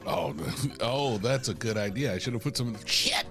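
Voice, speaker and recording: A man's voice: medium pitch, normal speed, fairly bright tone, faint music behind. A man co-hosting a pop culture podcast in casual chat, rambling with dry, self-deprecating jokes. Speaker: podcast co-host.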